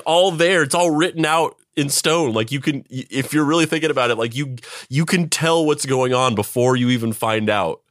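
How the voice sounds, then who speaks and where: A man co-hosting a podcast, chatting casually, laughing often and jumping up in pitch to act out quotes. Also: normal speed, fairly bright tone, no echo, clean studio sound. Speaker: podcast co-host.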